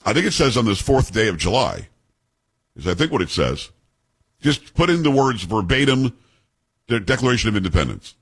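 Animated, husky-voiced male radio host. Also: lowish voice, normal speed, pauses often. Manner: animated, joking, thinks aloud. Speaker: radio talk show host. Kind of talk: casual on-air chat.

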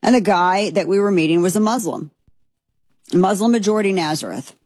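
A woman's voice: mid-range voice, fairly quick, a little mellow, no room sound. A woman giving blunt, heated commentary, recounting a trip in a casual way. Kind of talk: opinionated commentary.

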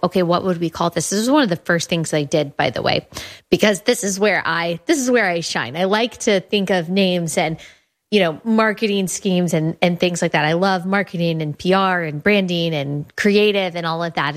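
A young adult woman hosting her show, talking earnestly and enthusiastically and often restarting her phrases. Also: lowish voice. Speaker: podcast host presenting her app. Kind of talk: casual talk.

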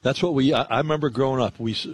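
A man's voice: mid-range voice, rapid-fire, slight background noise. A man hosting sports radio, chatting in a friendly, rambling way about the local games. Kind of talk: casual sports radio talk.

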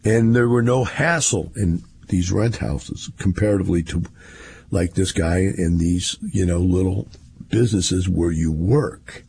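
A man's voice: sits low, a little slow, gravelly, darkish tone, husky. A man, rambling through a casual monologue in a folksy storytelling way.

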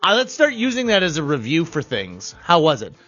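A man's voice: fairly high pitch, brisk, slightly rough, no echo, highs cut off, faint music behind. A man, co-hosting a radio show, cracking dad jokes in casual chat. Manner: jokey, punning, lively. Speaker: radio co-host.

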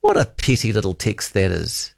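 Rambling New radio host, dry sound. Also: male voice, lowish voice, wildly swooping pitch, moderate pace, vocal fry, dry recording. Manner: rambling, hesitant, trails off with ums. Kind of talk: casual talkback chat, reading listener texts.

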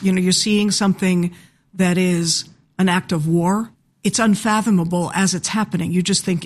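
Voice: medium pitch, steady tone, normal speed. An interviewee recalls events in a reflective, articulate way. The voice sits in a middle register. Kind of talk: reflective recollection.

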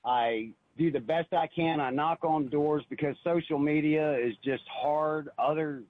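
A man's voice: a little high, a little slow, no echo. A man calling in to a radio show, telling an earnest, emotional personal story and often repeating himself, heard over a phone line. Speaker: caller. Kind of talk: call-in radio testimony.

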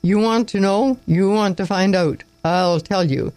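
A man reading the lines of a weary, contemptuous young country doctor who speaks in sharp, clipped phrases. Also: high voice, unhurried, clean tone, dry recording, pitched above the performer's own voice. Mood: angry.

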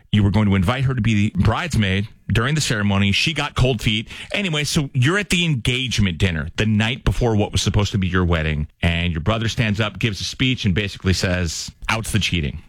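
A man's voice: on the low side, no echo, rough recording. A man hosting a radio talk show, recapping a caller's story and adding short quips. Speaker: radio host.

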